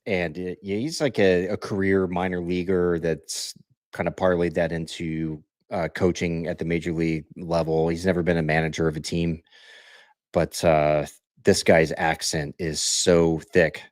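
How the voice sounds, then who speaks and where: A man co-hosting a live stream, telling stories in a relaxed way and asking easygoing questions. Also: low-pitched, moderate pace, no room sound, clean studio sound. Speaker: co-host. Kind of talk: casual chat on a live stream.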